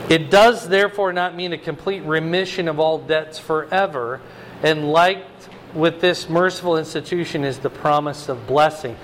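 A man with a notably high voice leads a verse-by-verse Bible study as a pastor. He reads passages aloud, then explains them in a plain conversational way and keeps checking in with his listeners. Faint noise sits under the recording. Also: a bit bright.

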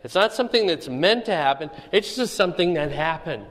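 A man's voice: fairly high pitch, animated, brisk, fairly bright tone, in a large hall. A man teaching a Bible study in a conversational way, often checking in with the listeners.

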